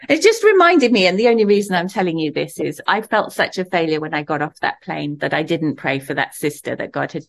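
A middle-aged woman preaching a sermon, telling a personal story in a warm, conversational way and laughing now and then. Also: low-pitched, gravelly.

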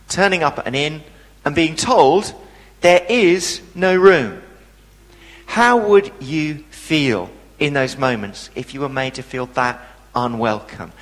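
A man's voice: fairly high pitch, very animated, a little slow, fairly bright tone, big-room sound, rough recording. A man preaching a sermon, telling a story with animation and asking the congregation questions.

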